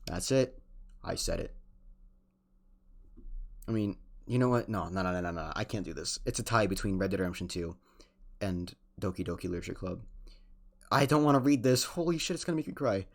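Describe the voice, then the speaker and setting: A man's voice: sits low, a little fast, pauses often. A young man giving casual, emotional let's-play commentary, swearing and restarting his sentences. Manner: excitable and emotional, swears often, trails off and restarts. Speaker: gaming streamer.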